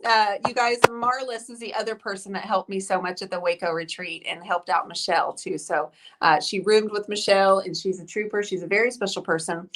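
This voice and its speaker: A woman's voice: medium pitch, fairly even intonation, brisk, hardly any pauses, fairly bright tone, rough recording. A woman hosting a live stream, chatting and telling a story with bubbly, effusive energy. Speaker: host of a live painting stream. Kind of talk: casual live-stream chat.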